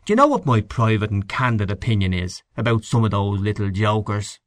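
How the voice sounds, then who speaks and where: A scornful middle-aged canvasser, voiced by a man reading aloud, sneers and grumbles about his neighbours. The pitch sits higher than the reader's own and swings about animatedly. The sound is dry, with no room around it. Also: animated, fairly quick, no room sound, natural voice. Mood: indignant. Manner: sneering, indignant. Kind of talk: audiobook character voice.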